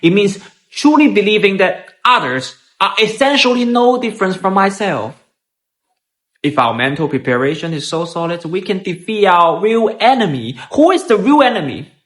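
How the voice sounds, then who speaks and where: A man's voice: sits high, animated, moderate pace, a bit bright. A man giving an earnest, slightly preachy speech to his followers.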